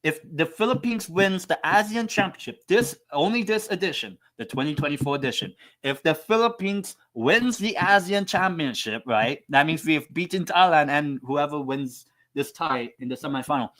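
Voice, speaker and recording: A man's voice: on the high side, animated, moderate pace, few pauses, a bit bright. A man hosting a live football watchalong stream, chatting casually in a rambling, profane, self-mocking way.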